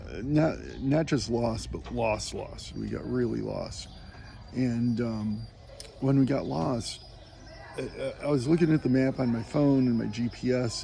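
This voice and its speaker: A man's voice: mid-range voice, gravelly, warm tone, a little hiss or hum. A man recording a casual spoken meditation on a walking pilgrimage, rambling and hesitant with many fillers and frequent chuckles. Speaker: pilgrim vlogger.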